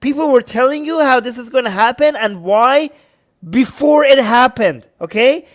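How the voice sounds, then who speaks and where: High-voiced sarcastic man hosting a stream. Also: normal speed. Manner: sarcastic, mocking impressions of others; reads news snippets aloud, reacts to viewer comments. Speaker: host. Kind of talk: live-stream commentary.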